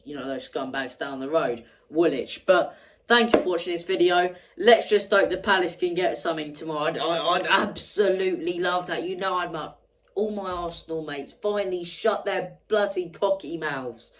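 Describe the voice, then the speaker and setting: A woman's voice: fairly low pitch, moderate pace, slight background noise, poor audio. A woman hosting a fan match reaction, talking passionately and repeating words for emphasis. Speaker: football fan channel host.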